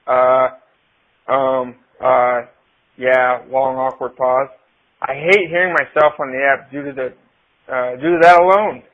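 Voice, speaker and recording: A man's voice: medium pitch, steady tone, slow pace. Chatty man on a tinny voicemail. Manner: chatty, self-deprecating. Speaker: caller leaving a voicemail. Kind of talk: voicemail message.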